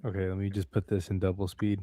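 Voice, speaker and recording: A man's voice: low voice, monotone, quick pace, mellow, no room sound. A man hosting a casual livestream, making wry, exasperated remarks. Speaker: stream host.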